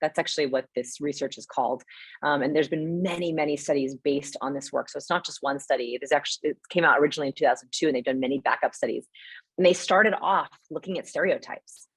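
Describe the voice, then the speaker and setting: A young adult woman answering webinar questions as a guest expert, animated and explanatory, often checking in with "right?". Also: sits low, husky, no room sound. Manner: animated, explains with quick asides and rhetorical "right?". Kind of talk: live webinar Q&A.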